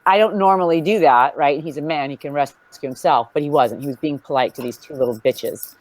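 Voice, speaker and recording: A woman's voice: low-pitched, a little fast, no room sound. A woman telling bawdy, joking stories in a casual group video chat, acting out quoted voices as she goes. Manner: bawdy, joking storyteller with lively put-on quotes. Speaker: hangout participant.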